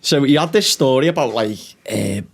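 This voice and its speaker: A man's voice: medium pitch, expressive, moderate pace, slightly rough. A young man, a comedian co-hosting a podcast, telling stories in casual chat, swearing often and laughing through them.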